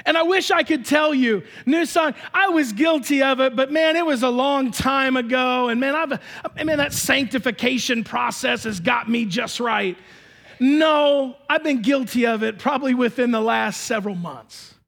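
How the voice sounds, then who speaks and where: A man preaching a sermon as pastor in a church, emphatic, swinging between shouted lines and hushed asides. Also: very high voice, moderate pace, gravelly.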